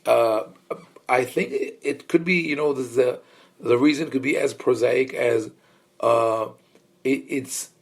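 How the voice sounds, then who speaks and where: Male rabbi giving a study lecture; reflective and explanatory, medium pitch, hesitant and conversational. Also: slow pace, vocal fry. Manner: thoughtful, explanatory, many fillers and restarts; engages listeners with questions. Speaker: rabbi teaching a class.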